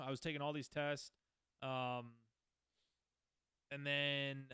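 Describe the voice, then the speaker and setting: A man's voice: medium pitch, a bit bright, clear, resonant tone, no echo. A man in his twenties hosting a podcast, telling his own story in a rambling, candid, profane way. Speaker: podcast host. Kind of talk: casual storytelling.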